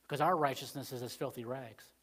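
A man preaching a Wednesday sermon in church in a rambling, conversational way, full of "you know" fillers, swinging between emphatic points and quiet asides. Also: medium pitch, fairly even intonation, quick pace. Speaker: pastor.

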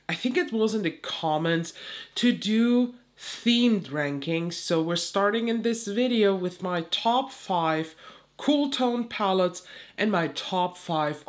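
A woman with a slightly low voice, made nasal and stuffy by a cold. She chats casually and reviews beauty products in a vlog. She often repeats and restarts her phrases. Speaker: beauty YouTuber.

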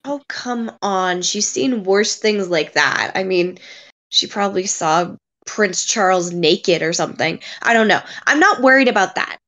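A woman's voice: mid-range voice, animated, a little slow, a bit bright. A woman playing a vain, catty young woman who makes crude jokes. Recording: dull lo-fi sound.

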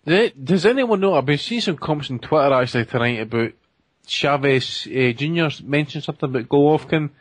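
A man hosting a podcast in casual chat, blunt, profane and excitable. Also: a little high, a little fast, husky, no echo. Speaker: podcast host.

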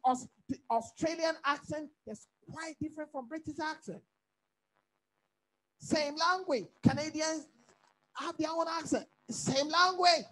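A man's voice: very high voice, a bit bright, low-quality recording. A man from Africa, a pastor leading a bible study, preaching emphatically with repeated phrases and questions to his listeners.

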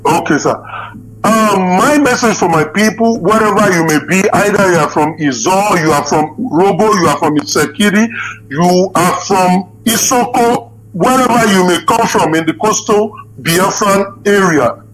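A man's voice: sits high, normal speed, crowd noise, poor audio. A man calling into a live Q&A, deferential to the host, addressing him as sir and restarting his sentences. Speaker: caller. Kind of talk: live Q&A call-in session.

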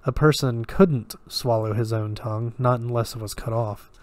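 A man's voice: medium pitch, fairly even intonation, normal speed, a little mellow, no echo. Man reading a story in a dry voice. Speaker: story reader. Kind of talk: audiobook-style story reading.

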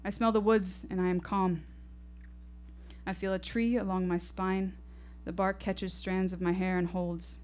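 A woman's voice: fairly low pitch, level tone, unhurried, darkish tone. A woman performing an intense, poetic first-person story live on a storytelling stage, with rhythmic delivery.

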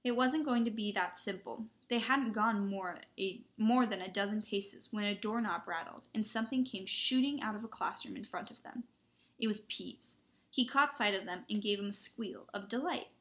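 A woman reading a children's novel aloud in an expressive, dramatic way. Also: mid-range voice, moderate pace. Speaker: audiobook reader. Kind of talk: storybook read-aloud narration.

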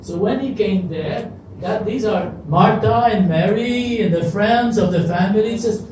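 An adult children's Bible teacher telling a story to kids in an animated way and asking them questions. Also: mid-range voice, moderate pace. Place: church event with children, in a hall. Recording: echoey hall from far off, noisy.

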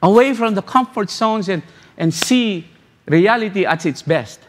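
A man pastor preaching a sermon, repeating phrases and asking rhetorical questions with halting restarts. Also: high-pitched, expressive. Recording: long hall reverb.

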